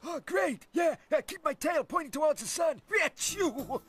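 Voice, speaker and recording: A woman's voice: high-pitched, expressive, normal speed, voice pushed up. A woman voicing a sad, sniffly male blue whale with a cold in a storybook reading. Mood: eager. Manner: sniffly, sneezing.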